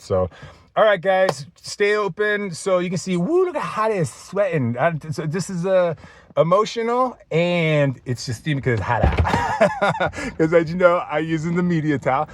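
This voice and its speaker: A man in his thirties filming an off-the-cuff fitness vlog. He rambles and says "dude" a lot, and he is choked up. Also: a little high. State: teary, choked up. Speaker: fitness vlogger.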